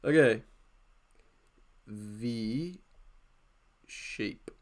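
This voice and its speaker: A man's voice: mid-range voice, very slow. A man hosting a drawing live stream, talking casually and playfully as he draws, often laughing.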